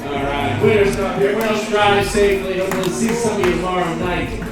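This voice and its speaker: A man hosting a comedy show, briskly announcing acts and winners to the room. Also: high-pitched, over loud music. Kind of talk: emcee announcements. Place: comedy club. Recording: echoey club from far off, loud crowd.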